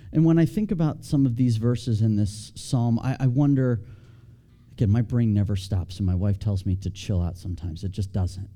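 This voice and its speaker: A man's voice: fairly high pitch, mellow. A man, a pastor, delivering a sermon in a reflective, conversational way and acting out scripture readings with feeling.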